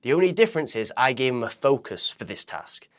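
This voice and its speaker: Teaching public speaking on camera, a man talks directly and energetically to the viewer. He demonstrates each point by intentionally changing his pitch, volume and tempo.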